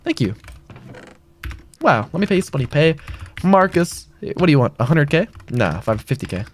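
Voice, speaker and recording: A man's voice: a little high, sing-song, normal speed, a little hiss or hum. A young man live-streaming a game, chatting casually and answering viewers' messages as he plays. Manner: casual, reads chat aloud and answers it. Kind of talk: live gaming stream chat.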